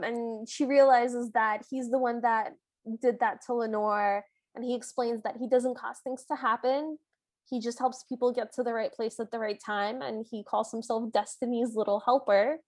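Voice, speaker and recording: A woman's voice: a little high, darkish tone, dry recording. A woman co-hosting a podcast, retelling movie scenes in a chatty, amused way. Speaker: podcast co-host. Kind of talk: casual movie recap chat.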